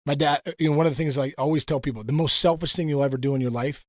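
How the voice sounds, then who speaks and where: A middle-aged man from Pittsburgh, a former ballplayer turned coach, telling animated stories with lots of fillers in a casual interview. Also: fairly high pitch, very fast, no echo, clean studio sound. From Pittsburgh, United States. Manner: animated storytelling, many fillers. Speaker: guest, former baseball player and coach.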